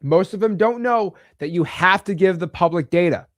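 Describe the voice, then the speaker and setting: A man's voice: sits high, moderate pace, no room sound, studio quality. A man from the United States coaching real estate wholesaling in a blunt, emphatic, chatty way with slangy asides. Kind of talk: casual teaching to camera.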